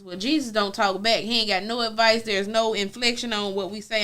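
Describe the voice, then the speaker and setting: A Southern US woman co-hosts a podcast, swapping frank stories in a chatty, down-to-earth casual conversation. Her medium-pitched voice is steady and sharp in tone, moving a little fast.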